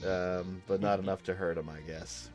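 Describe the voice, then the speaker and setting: A man playing a tabletop game, calling out his dice rolls in a casual, unhurried way. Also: sits low, level tone, darkish tone. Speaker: player. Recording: clear music behind the voice.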